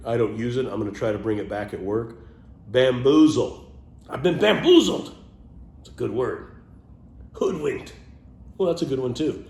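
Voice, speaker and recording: A man casually chatting about his favorite words, playful, trailing off into low muttered asides. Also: darkish tone, roomy sound, a little hiss or hum. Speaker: vlogger sharing favorite words. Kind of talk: casual off-the-cuff monologue.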